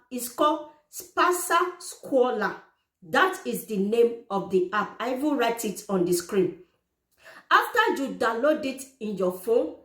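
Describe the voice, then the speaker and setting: A woman's voice: a little high, fairly bright tone. Earnest woman explaining, echoey room. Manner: repetitive, earnest, direct address. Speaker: parent giving advice. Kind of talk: informal how-to explainer.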